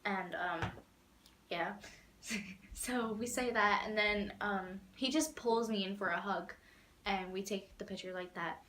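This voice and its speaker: A young woman vlogger tells a long, rambling fan story in casual chat, animated and laughing, packed with "like" and acted-out quotes. Her medium-pitched voice is a little slow, and the audio is reverberant with a bit of hiss or hum.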